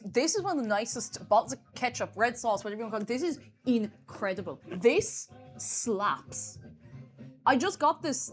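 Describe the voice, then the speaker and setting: A young woman with an Irish accent, chatting casually on a live stream, rambling and laughing often. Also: fairly high pitch.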